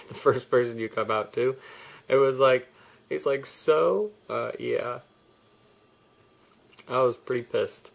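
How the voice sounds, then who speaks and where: A man's voice: mid-range voice, flat delivery, takes it slowly, vocal fry, long pauses. A young man telling a personal story in a candid, rambling vlog, often restarting his sentences. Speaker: vlogger.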